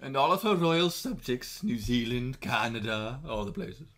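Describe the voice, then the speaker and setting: A man's voice: mid-range voice, lively intonation, normal speed, fairly bright tone. A man co-hosting a podcast in casual chat, throwing in dry, teasing quips. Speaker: podcast co-host.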